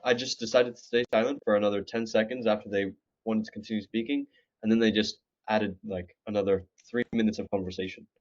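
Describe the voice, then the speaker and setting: Guest: man with a lowish voice, halting and searching for words, on dull lo-fi audio. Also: steady tone, darkish tone. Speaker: student guest. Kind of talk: casual conversation.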